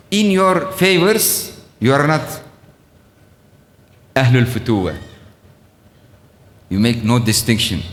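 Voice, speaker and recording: A middle-aged man lectures on ethics in an unhurried, halting way, stopping often to find his words and letting out small chuckles. His voice sits a bit high for a man. The sound rings with the long reverb of a lecture hall. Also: fairly bright tone. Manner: slow and halting, with frequent "uh" pauses and chuckles. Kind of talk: Islamic ethics lecture retelling a story.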